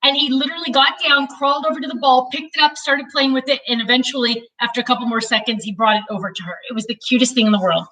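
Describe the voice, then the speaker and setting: A woman in her thirties hosting a live craft stream, chatting casually and talking loudly because she has no mic and the cameras are far away. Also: high voice, steady tone, fast, hardly any pauses. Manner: chatty, self-deprecating, talks loudly to reach distant cameras. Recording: distant, unmiked room sound.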